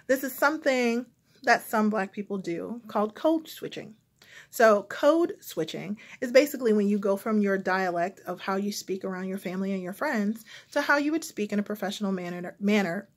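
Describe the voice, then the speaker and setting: A woman vlogger with a General American accent, talking casually and reflectively to her viewers, pausing with frequent ums. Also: medium pitch, lively intonation. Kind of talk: casual talk to camera.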